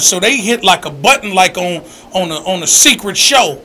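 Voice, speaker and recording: A man hosting a call-in show, telling stories in an animated, emphatic way with bursts of shouting. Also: high-pitched, normal speed, a little hiss or hum. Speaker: radio show host. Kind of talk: casual call-in chat.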